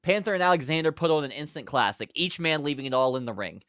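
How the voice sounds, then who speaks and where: A man's voice: a little high, lively intonation, fairly bright tone, dry recording, studio quality. Man recapping wrestling matches. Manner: brisk play-by-play storytelling. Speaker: podcast host. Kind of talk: recapping a fantasy wrestling card.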